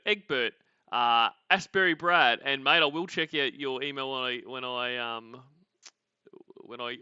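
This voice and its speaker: A man's voice: medium pitch, bright, forceful tone, clear, resonant tone, no room sound, dull audio. An Australian man hosting a casual livestream, rambling, laughing often and greeting viewers. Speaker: podcast host.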